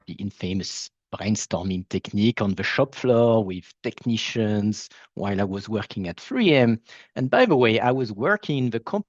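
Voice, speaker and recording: A man with a French accent talks through a panel conversation in a chatty, self-deprecating way, pausing and restarting as he goes. His voice comes over a dry, lo-fi video call line with little room sound. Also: fairly low pitch, a little mellow, dry recording. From France. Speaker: founder of a facilitation platform, panel guest.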